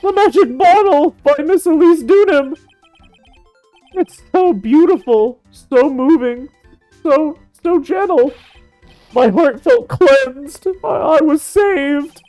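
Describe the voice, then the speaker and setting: Brief: woman voicing a goofy young man, stammers and gushes, high-pitched. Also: expressive, slow pace, warm tone, no echo, soft background music, low-quality recording. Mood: gushing. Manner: stammering and gushing. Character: goofy, flustered young man, lovestruck and dramatic. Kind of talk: fan dub of a game.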